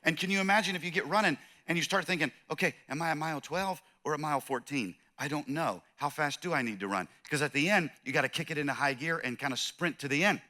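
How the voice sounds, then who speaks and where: A man's voice: a little high, fast, hardly any pauses, sharp tone. A middle-aged man with a Californian accent preaching a sermon as pastor, in a conversational, joking way, acting out the voices of people in the story.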